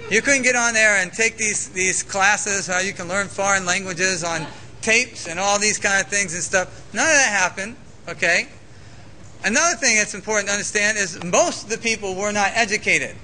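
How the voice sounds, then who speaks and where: A man preaching a sermon as pastor, animated and conversational, with frequent "okay?" asides. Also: high-pitched, slight background noise, low-quality recording.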